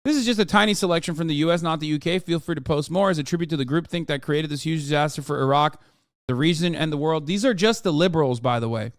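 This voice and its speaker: A man's voice: a little high, fast talker, dry recording, clean studio sound. A man livestreaming, giving heated, profane, sarcastic commentary while reacting to a news piece.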